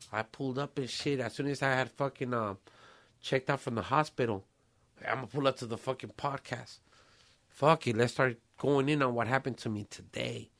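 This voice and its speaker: A man's voice: mid-range voice, fairly bright tone. A man, hosting a casual podcast chat and talking streetwise slang with Spanish phrases and swearing. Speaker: podcast host.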